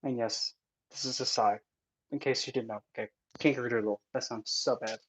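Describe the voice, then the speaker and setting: A man's voice: medium pitch, fairly even intonation, normal speed, a little hiss or hum, poor audio. A man chatting casually in a Q&A, rambling, joking and breaking off mid-thought, on an in-ear mic. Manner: rambling, jokey, self-interrupting. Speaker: vlogger and spiritual instructor. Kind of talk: casual Q&A chat. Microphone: in-ear headset mic.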